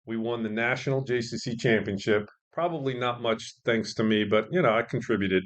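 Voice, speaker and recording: A man's voice: medium pitch, brisk. A middle-aged man, a guest on a casual podcast, telling stories in a joking, self-deprecating way with many restarts. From born in England, raised partly in Israel, then the US. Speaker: guest, sports media veteran and professor.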